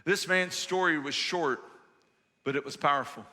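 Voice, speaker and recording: A male pastor preaching a sermon in a church sanctuary, measured and emphatic with rhetorical questions. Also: a little high, bright, forceful tone, long reverb tail.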